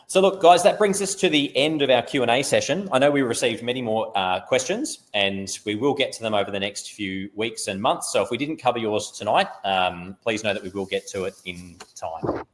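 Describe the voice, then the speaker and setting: A man's voice: on the low side, brisk, few pauses. A man from Queensland hosting a casual referee Q&A over a video call, with many fillers. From Queensland, Australia. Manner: friendly, filler-heavy wrap-up. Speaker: host of a referee coaching session.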